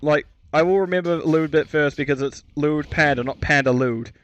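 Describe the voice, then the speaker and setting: A man's voice: on the high side, moderate pace, no room sound, muffled recording. A man giving solo esports commentary, chatty and self-mocking, stumbling over player names and correcting himself. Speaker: esports caster.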